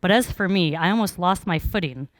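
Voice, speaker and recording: A woman's voice: fairly low pitch, animated, a little fast, no room sound. A young woman preaching a sermon in a conversational, storytelling way, with frequent fillers.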